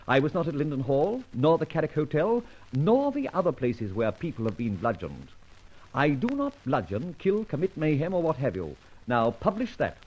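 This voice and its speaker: An actor playing a suave, proud gentleman thief, theatrical and wry, quick to indignation, in a 1940s-style radio drama. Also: a little high, wildly swooping pitch, slightly rough, full character voice. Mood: indignant. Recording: dull old radio recording.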